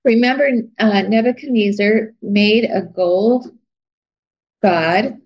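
Woman, Bible lesson, slow delivery, chatty, gravelly, muffled lo-fi sound. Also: mid-range voice. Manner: chatty, laughs at herself, searches notes aloud. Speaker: Bible study teacher. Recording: dull lo-fi recording.

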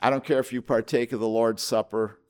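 A man's voice: medium pitch, fairly even intonation, brisk, darkish tone, clean tone. An older man preaching a sermon as pastor at a church service, impassioned, repeating his questions with rising emphasis.

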